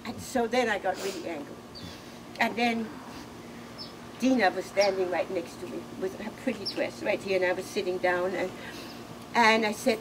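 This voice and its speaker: A middle-aged woman giving a personal eulogy, halting and emotional, laughing through tears. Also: mid-range voice, far from the mic. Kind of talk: personal eulogy, casual storytelling. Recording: noisy room ambience.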